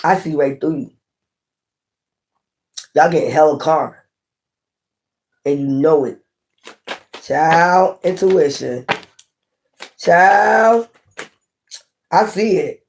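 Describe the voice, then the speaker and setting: A woman's voice: low voice, takes it slowly, pauses often. A woman giving a casual tarot reading to camera, blunt and profane, talking with passion, repeating points and asking her viewers questions. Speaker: tarot reader.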